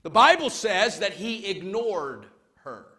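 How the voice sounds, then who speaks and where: A male pastor preaching a sermon to his congregation, emphatic, swinging between loud calls and quiet urging. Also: high-pitched, sing-song, slow pace. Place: church service before a congregation.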